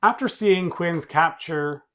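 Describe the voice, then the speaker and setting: A man's voice: on the high side, slow. A man co-hosting a podcast, reading out a plot recap with dry asides. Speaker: podcast co-host. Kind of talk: reading plot summary in casual chat.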